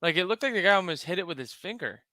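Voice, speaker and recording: A woman co-hosting a live stream, chiming in with quick, playful reactions. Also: lowish voice, lively intonation, bright, forceful tone, no echo, studio quality. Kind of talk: casual live chat.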